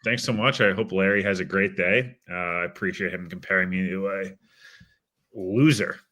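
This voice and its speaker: A man guesting on a sports talk show, self-deprecating, who chuckles often and calls his own voice monotone. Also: low-pitched, moderate pace. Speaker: podcast guest. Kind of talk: casual sports chat.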